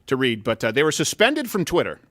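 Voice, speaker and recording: A man's voice: medium pitch, wildly swooping pitch, fairly quick, no echo. Brash male talk show host. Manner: loud, jokey, swears, swings into mock outrage. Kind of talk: comedic talk show banter. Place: studio.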